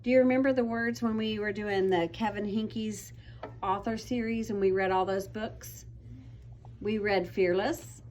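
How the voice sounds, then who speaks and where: A woman's voice: mid-range voice, fairly even intonation, normal speed, a little mellow, a little hiss or hum. A young woman teaching a class of children, patient and encouraging, calling on pupils by name. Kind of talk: classroom vocabulary lesson.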